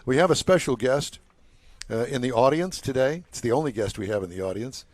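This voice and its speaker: A man's voice: medium pitch, animated, a little fast, darkish tone, no echo. An older man hosting a live talk show from a car show, chatty and joking with his co-hosts. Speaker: host. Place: outdoor waterfront car show.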